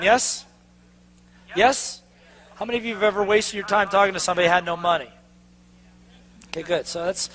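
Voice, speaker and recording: A man in a live sales seminar, a trainer who keeps throwing quick questions at his audience and making them answer back. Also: high voice. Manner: energetic, call-and-response questions to the crowd; drops to a mocking tone for the inner doubting voice.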